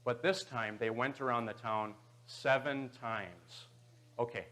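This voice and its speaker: A man teaching a Bible class, his voice at an ordinary middle pitch. He walks the room through the story and keeps checking in with a quick "okay" or "right." He is speaking in a church auditorium. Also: steady tone, fairly bright tone.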